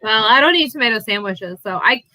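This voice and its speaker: A woman's voice: on the high side, lively intonation, a little fast, pushed and bright, no echo. A woman in a casual livestream chat, chatty and enthusiastic as she tells stories.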